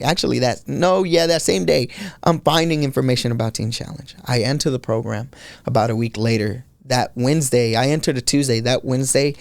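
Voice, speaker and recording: A young man with a gravelly voice tells his personal testimony in animated storytelling, his voice jumping up when he quotes himself. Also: mid-range voice, no echo. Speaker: podcast guest sharing testimony.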